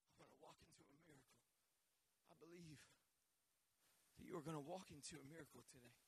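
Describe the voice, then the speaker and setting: A man preaching a live sermon, passionate, swinging between loud shouting and soft asides to the congregation. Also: a little high, quick pace. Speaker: pastor.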